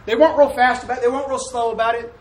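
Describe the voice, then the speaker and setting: Racing along with fairly even intonation, a man with a very high voice preaches a folksy sermon with call-and-response. The recording comes from a distant mic in an echoey church sanctuary.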